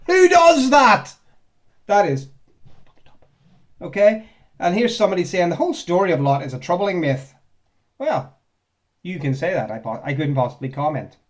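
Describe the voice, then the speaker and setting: An ex-Jehovah's Witness vlogger with a high, darkish voice reads out viewer comments and answers them sarcastically. It's casual commentary, and he rambles and laughs often.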